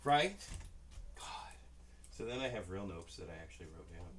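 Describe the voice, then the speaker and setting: A man's voice: deep voice, animated, normal speed, slight background noise. Profane man telling rambling stories. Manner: profane, rambling, acts out quoted dialogue. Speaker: podcast co-host. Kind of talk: casual storytelling chat.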